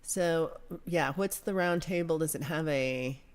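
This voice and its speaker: A woman's voice: sits low, unhurried. An American woman hosting a livestream, chatting casually and reading viewer comments aloud in a rambling way, with casual swearing. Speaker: livestream host.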